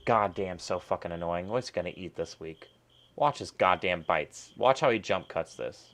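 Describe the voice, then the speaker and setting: A man's voice: low voice, normal speed, a bit bright. A man hosting a casual stream, ranting crudely with lots of swearing while watching videos. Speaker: streamer host.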